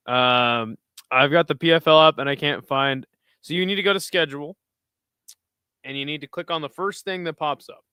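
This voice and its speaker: Male stream host, casual and profane, joking with chat; bright, crisp tone, slightly high. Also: no echo, studio quality. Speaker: livestream host.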